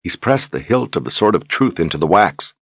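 A man narrates a fantasy audiobook with a steady, measured delivery. His voice sits very low with a husky grain. The sound is dry and close. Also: no room sound. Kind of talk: scripted narration.

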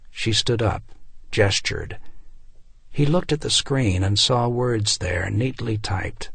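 A man narrating an audiobook in a measured reading. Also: on the low side, gravelly, fairly bright tone, breathy edge, no echo. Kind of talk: scripted narration.

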